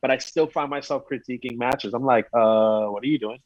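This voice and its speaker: A man chatting as a podcast guest, telling animated stories and quoting himself and others. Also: mid-range voice, brisk, dry recording, highs cut off. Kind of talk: casual chat.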